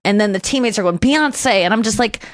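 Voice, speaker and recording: A woman's voice: mid-range voice, very fast, no room sound. A young adult woman hosting a podcast, telling emotional stories in a rambling, casual way. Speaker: podcast host. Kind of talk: casual chat.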